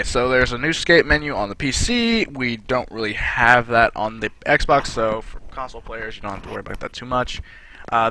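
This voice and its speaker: A man's voice: medium pitch, bright, forceful tone, no room sound. A young man chatting casually through game patch notes, rambling with lots of fillers. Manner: rambling, filler-heavy, conversational. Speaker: gaming channel host.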